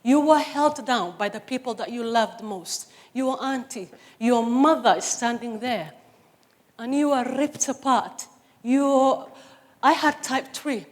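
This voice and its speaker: A middle-aged woman from Somalia speaks on stage in a fairly high voice. Her testimony is impassioned and emphatic, pressing each point home. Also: slow pace. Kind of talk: personal testimony talk. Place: stage before an audience.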